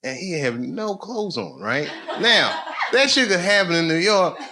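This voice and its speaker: Middle-aged guy doing standup, voice jumps all over, sits a bit high, loud crowd noise behind. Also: unhurried. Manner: animated storytelling, swinging between low muttering and loud punchlines. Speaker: stand-up comedian. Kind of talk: stand-up comedy storytelling. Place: live comedy venue with an audience. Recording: live show with crowd noise. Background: audience laughter.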